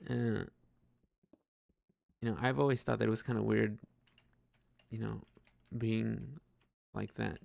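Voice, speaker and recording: A man's voice: on the low side, steady tone, takes it slowly, gravelly, pauses often, a little mellow, no room sound. A young man rambling hesitantly about his life while gaming, full of fillers and restarts, swearing casually. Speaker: podcaster.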